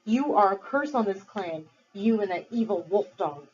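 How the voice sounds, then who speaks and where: A woman's voice: medium pitch, lively intonation, normal speed, darkish tone, breathy edge. A woman voicing a scarred, stocky male clan leader who talks in a stern, commanding way. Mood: angry. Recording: dull lo-fi recording.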